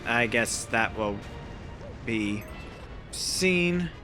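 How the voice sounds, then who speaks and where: A man's voice: medium pitch, animated, extremely slow, sharp tone, soft background music. A man giving casual, rambling, self-deprecating let's play commentary over a video game. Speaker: gameplay commentator.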